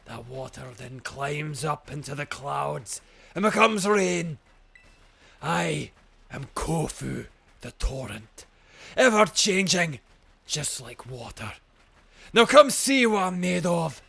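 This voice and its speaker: A man doing a boisterous old Scottish chef who leads a gym in a game, all hearty folksy charm. He stretches his words slowly and booms them out, bright and forceful. A proud old-timer fully enjoying the moment. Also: very animated, gravelly, breathy edge, exaggerated voice. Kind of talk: reading game dialogue aloud.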